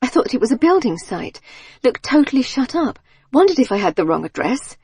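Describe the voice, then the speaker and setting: A woman's voice: high voice, very animated, a little fast, darkish tone, husky, no echo, studio quality, pitched above the performer's own voice, heavily acted. A woman voicing a flustered, apologetic suburban mum who gushes and pleads. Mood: gushing. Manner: gushing, apologetic, breathless.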